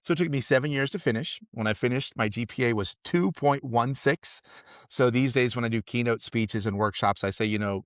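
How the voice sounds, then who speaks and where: A man guesting on a podcast, telling his story in a relaxed, self-deprecating, joking way. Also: mid-range voice, fairly quick, no echo, clean studio sound. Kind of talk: casual storytelling interview.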